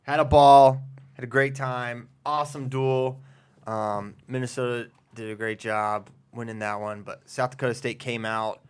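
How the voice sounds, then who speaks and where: A man hosting a casual chat, telling stories in an animated way and laughing often. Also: mid-range voice, measured pace, smooth. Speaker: host.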